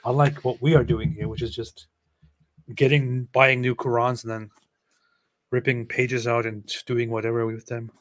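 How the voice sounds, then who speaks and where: A man's voice: medium pitch, flat delivery, moderate pace, dry recording. Joking man reading chat comments, dry close sound. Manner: joking, reads comments aloud, laughs often. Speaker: livestream co-host reading viewer comments. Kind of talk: casual livestream chat.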